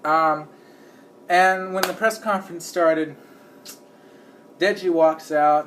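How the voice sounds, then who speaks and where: A man's voice: a little high, steady tone, slow, long pauses, fairly bright tone, slight background noise. A man giving casual commentary in a rambling way, full of fillers, and acting out the people he describes. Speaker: video creator.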